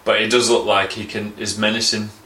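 A man who teases with quick jabs in casual banter. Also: lowish voice, level tone, bright, forceful tone, recorded from a distance, a little hiss or hum. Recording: echoey room, off-mic.

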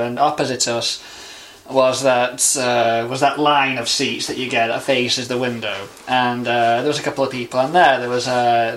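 A man's voice: mid-range voice, a bit bright, a little hiss or hum. A young man telling stories in casual chat, rambling with lots of fillers.

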